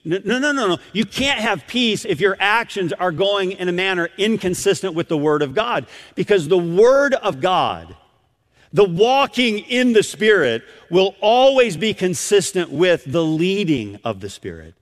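A middle-aged man preaches a sermon in a high-pitched voice at a measured pace, telling a story with animation. He acts out the voices of the people in it, and the recording carries long hall reverb.

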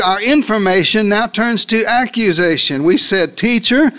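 A man preaching a sermon as a dramatic first-person retelling, theatrical, with dry humorous asides. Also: fairly bright tone. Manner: theatrical, with wide swings in pitch and pace.

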